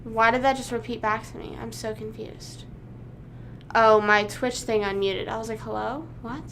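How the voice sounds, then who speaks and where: A woman's voice: on the high side, steady tone, normal speed, fairly bright tone, a little hiss or hum. A young woman livestreaming, rambling casually with lots of "like" fillers as she chats to her viewers. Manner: rambling, chatty, full of "like" fillers.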